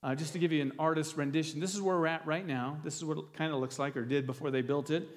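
A pastor delivering a sermon in a church, talking loosely with restarts and fillers and an earnest tone. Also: male voice, fairly high pitch, fairly even intonation, quick pace, in a large hall. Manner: earnest, gets emotional near the end.

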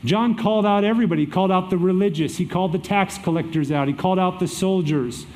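A high-pitched man preaches a sermon, walking through scripture. His delivery is energetic, with emphatic drops and lifts. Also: quick pace. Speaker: pastor.

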